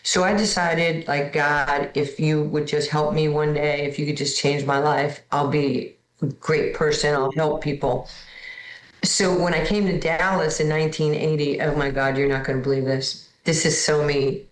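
A woman in her sixties from New York, telling candid, self-deprecating stories as a guest in a lively conversation. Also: low-pitched, moderate pace, reverberant, low-quality recording. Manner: lively, candid, self-deprecating, repeats words when starting. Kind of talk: storytelling in conversation.

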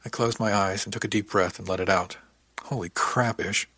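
A man telling a story in the first person, plain and earnest. His voice sits low with a husky edge. The recording is dry and close with no room sound. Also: fairly even intonation, fast talker, a bit bright, dry recording. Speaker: audiobook narrator. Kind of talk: first-person audiobook narration.

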